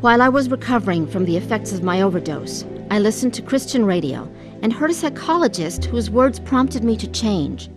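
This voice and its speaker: A woman's voice: mid-range voice, big pitch swings, a little fast, music in the background. An actress playing a middle-aged wife who narrates her own story in a radio drama, earnest and heavy with pain. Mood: reflective. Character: weary wife recalling her troubled past. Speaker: narrator and lead character.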